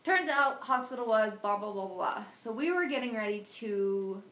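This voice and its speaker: A woman's voice: a little high, expressive, normal speed, a bit bright. Candid young woman in an echoey room. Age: 20s. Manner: candid, emotional, rambling with many restarts. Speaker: patient sharing her surgery story. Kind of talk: personal video diary.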